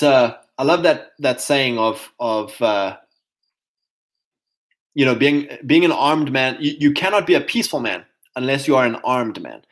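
A man in his thirties hosting a casual livestream, talking emphatically and reading chat comments aloud. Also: medium pitch. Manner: emphatic, mocking voices of others, reads chat comments aloud.

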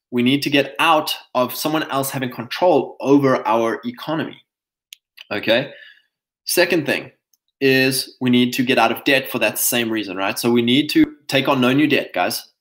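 A man's voice: mid-range voice, moderate pace, fairly bright tone. A man giving a live-streamed monologue, emphatic and insistent, often tagging his points with "right?" and mocking opponents in quoted voices. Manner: mocks others in put-on quoted voices. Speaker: online commentator.

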